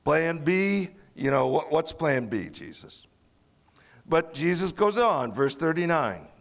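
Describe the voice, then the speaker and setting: A male pastor delivering an expository sermon at a slow, deliberate pace. His voice sits a little higher than most men's. He slips into playful, sarcastic voices to act out the people in the story. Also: big pitch swings. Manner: expository preaching, acts out sarcastic voices of the disciples.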